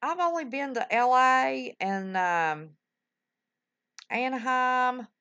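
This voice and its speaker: A woman's voice: sits high, takes it slowly, pushed and bright, clean tone, highs cut off. An older woman, chatting folksily with her livestream viewers, full of exclamations. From West Virginia. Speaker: livestream host. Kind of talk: casual chat with live viewers.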